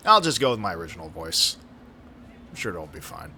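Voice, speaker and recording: A man's voice: low-pitched, big pitch swings, brisk, pushed and bright, a little hiss or hum. A man streaming a point-and-click game, joking wryly and swearing freely. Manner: wry, profane, laughs often. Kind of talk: casual gaming commentary.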